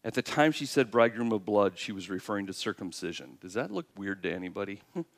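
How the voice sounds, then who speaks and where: A male pastor delivers a sermon in a lowish voice, speaking fast with some vocal fry. His storytelling is animated: he acts out the lines of God and Moses and asks his listeners questions.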